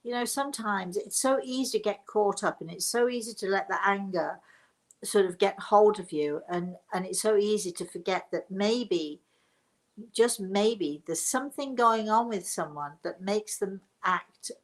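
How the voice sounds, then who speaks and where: A woman's voice: mid-range voice, a little slow, rough recording. An older woman from England, hosting a live stream as a spiritual medium and telling a rambling personal story with many restarts.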